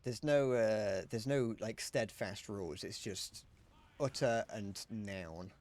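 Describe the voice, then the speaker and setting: A man's voice: on the low side, takes it slowly, darkish tone. A British man chatting casually on a gaming livestream, swearing freely and laughing often. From Britain. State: sweaty while gaming. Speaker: streamer.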